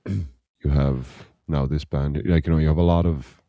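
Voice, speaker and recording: Male podcast co-host, jokey banter, low dark voice. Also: steady tone, a little slow, dry recording, studio quality. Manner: banter, mocking impressions, swearing. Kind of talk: casual chat.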